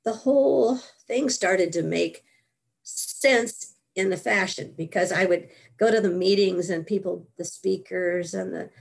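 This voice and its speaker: An older woman, a guest author, telling her story in an interview with lively asides and frequent laughs. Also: medium pitch, a little slow, creaky, breathy edge. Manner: animated storytelling, laughs often.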